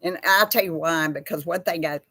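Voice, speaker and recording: Brief: middle-aged woman host, chatty and rambling, lowish voice, dry close sound. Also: brisk, bright, forceful tone, no room sound. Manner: rambling, chatty, laughs easily. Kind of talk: casual livestream chat reading comments.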